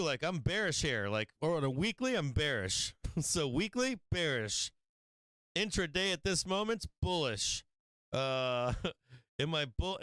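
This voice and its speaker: A man hosting a live stock trading stream, chatting casually, swearing freely and laughing often, sometimes getting loud and excited. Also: a little high, no echo. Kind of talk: casual profane trading commentary.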